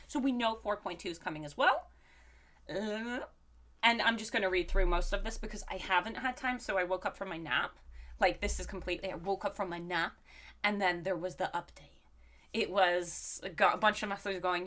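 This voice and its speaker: A woman's voice: medium pitch, lively intonation, normal speed, sharp tone. A woman streamer who is sick, chatting casually on a live stream and greeting viewers one by one in a bouncy way. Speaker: game streamer.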